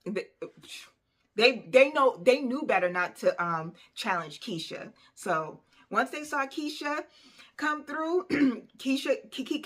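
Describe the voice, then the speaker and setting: A woman telling a personal story in a casual vlog, animated and conversational, with plenty of fillers. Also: a little high. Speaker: vlogger.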